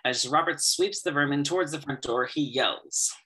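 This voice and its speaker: A man narrating the stage directions of an amateur audio drama in a steady, matter-of-fact way. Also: on the high side, normal speed, breathy edge, low-quality recording.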